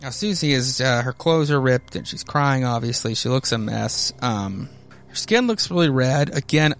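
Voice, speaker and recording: This is a male podcast host walking through a horror comic in a loose, rambling way, often trailing off and restarting. His voice is gravelly and sits at a middle pitch. Soft music plays faintly behind him. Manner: rambling, many fillers and restarts. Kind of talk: casual comic recap.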